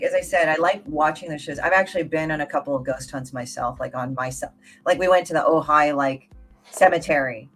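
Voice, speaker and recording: A guest on a podcast panel chatting casually and recounting stories in an animated way. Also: medium pitch.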